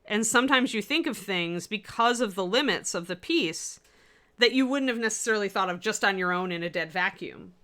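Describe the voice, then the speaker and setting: Expressive and a little fast, her mid-range voice has a bright, forceful tone. She's co-hosting a miniature painting livestream, rambling casually with lots of fillers as she answers comments from viewers.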